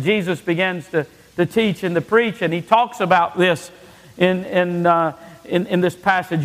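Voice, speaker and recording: A man's voice: high voice, fairly bright tone, big-room sound, low-quality recording. A male pastor preaching a sermon emphatically, often restarting his phrases with stammered repeats.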